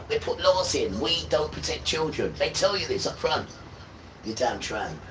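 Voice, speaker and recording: A man preaches to his livestream audience, his voice bright and forceful. He drives points home by repeating them, jumping from sudden loud bursts to low, muttered asides. Faint noise hums underneath. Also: low-quality recording. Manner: emphatic, repetitive, swings between loud outbursts and low mutters. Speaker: livestream host. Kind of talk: impassioned spiritual monologue.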